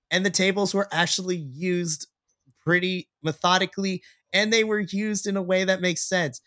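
A man's voice: high voice, fairly bright tone, dry recording. Dry-voiced playful podcast guy. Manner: playful, laughs often, breaks down matches analytically. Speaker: podcast co-host. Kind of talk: casual chat.

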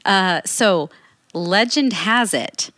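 A woman's voice: medium pitch, drawn-out words, fairly bright tone, no room sound, clean studio sound. A woman co-hosting a casual podcast chat, playful and freely swearing. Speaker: podcast co-host.

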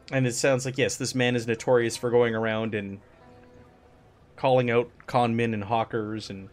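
Man narrating as game master. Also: medium pitch. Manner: descriptive, with frequent restarts.

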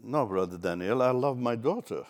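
A man's voice: mid-range voice, lively intonation, moderate pace, natural voice. A man retelling a sermon story, speaking as a young woman in pain who asks for counsel. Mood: pleading.

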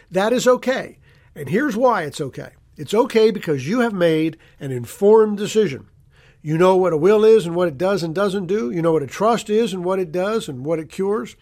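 A man's voice: high voice, a little fast, a little mellow. A man hosting a local radio talk show as an estate lawyer, folksy and conversational, repeating points for emphasis.

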